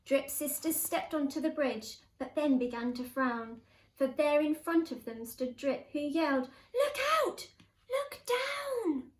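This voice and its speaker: A woman teacher reading a picture book aloud in an expressive, sing-song way. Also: high voice, measured pace. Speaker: primary school teacher. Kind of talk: storybook read-aloud. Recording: echoey room.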